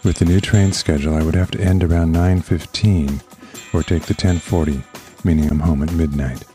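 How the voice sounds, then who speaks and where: A man reading as a deep-voiced teasing lover. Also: steady tone, dark tone, faint music behind, natural voice. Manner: slow, teasing, suggestive delivery. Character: adult male lover writing a suggestive letter. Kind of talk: dramatic reading of a letter.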